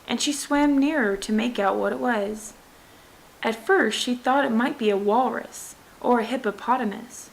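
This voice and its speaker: A woman narrating a classic children's book aloud in an even, clear storytelling voice. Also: fairly high pitch, rough recording. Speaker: audiobook reader.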